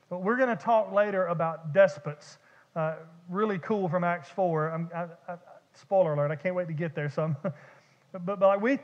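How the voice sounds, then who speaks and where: High-voiced pastor preaching in a reverberant church. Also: male voice. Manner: conversational, repeats and restarts words. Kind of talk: sermon. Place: church sanctuary. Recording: dull lo-fi church recording with long reverb.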